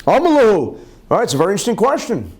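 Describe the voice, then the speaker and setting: A man who is a rabbi, teaching a Talmud class and explaining each term twice, with Hebrew and Yiddish words mixed in and lively rhetorical questions. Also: high-pitched, very fast.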